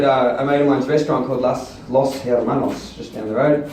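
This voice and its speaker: A stand-up comedian with a steady, darkish mid-range voice talks fairly quickly through a crude, self-mocking story full of ums and uhs. Taped by a far camera in a small, echoey comedy venue, the recording carries slight background noise and audience laughter.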